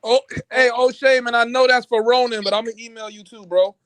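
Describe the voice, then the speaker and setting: A man's voice: very high-pitched, fairly even intonation, a little fast, a crowd in the background. A Nigerian American man on a livestream panel, brash and profane, teasing the other guests. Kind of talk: casual livestream panel banter.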